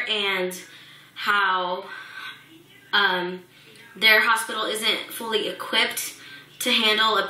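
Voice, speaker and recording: A woman's voice: medium pitch, bright, forceful tone. A young woman vlogger telling the story of a hospital visit during her pregnancy, with lots of fillers and restarts. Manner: emotional retelling, many fillers and restarts. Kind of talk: personal pregnancy update. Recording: echoey room.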